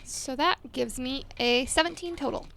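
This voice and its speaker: Woman player, chatty and wry, high and bright voice. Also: normal speed, creaky, slight background noise. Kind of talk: casual chat at a gaming table.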